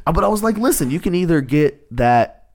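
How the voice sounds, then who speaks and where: A man's voice: on the high side, a little fast. A man, a stand-up comedian, telling stories on a podcast in a loose, profane, laughing way. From Texas. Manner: profane, laughing, animated retelling. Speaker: guest comedian. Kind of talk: casual podcast storytelling.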